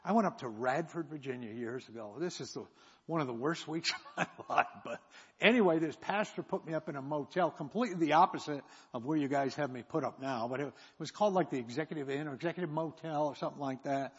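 Husky-voiced man preaching in an echoing hall. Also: fairly high pitch, fast talker. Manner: rambling, self-mocking humor. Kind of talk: sermon storytelling. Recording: echoey hall, dull sound.

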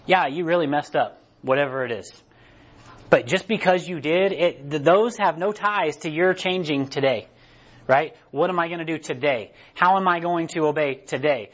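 A man's voice: fairly high pitch, lo-fi sound. A man preaching a casual, conversational sermon and checking in with "right?" again and again. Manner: conversational, repeats "right?" often. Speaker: pastor.

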